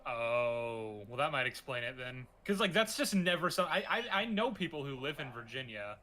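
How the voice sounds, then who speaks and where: A man's voice: medium pitch, sing-song, normal speed, bright, forceful tone. A man from Texas chatting on a gaming stream with a dry, skeptical manner. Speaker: livestream guest. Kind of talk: casual livestream chat.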